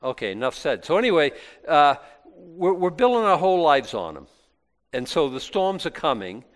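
A man's voice: on the high side, very animated, moderate pace. A male pastor giving an informal Bible talk, chatty and self-deprecating, with many restarts. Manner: conversational, rambling with many restarts; self-deprecating and lightly joking.

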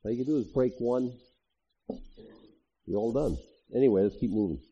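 Male pastor, sermon read, husky voice, animated asides, muffled lo-fi recording. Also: mid-range voice, moderate pace. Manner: conversational, animated preaching with asides. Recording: dull lo-fi audio.

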